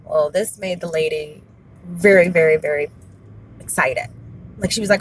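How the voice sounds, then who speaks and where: A woman in her thirties telling a personal story to camera, candid and expressive, repeating words for emphasis. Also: fairly low pitch, normal speed, pauses often, a little hiss or hum, rough recording. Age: 30s. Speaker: vlogger.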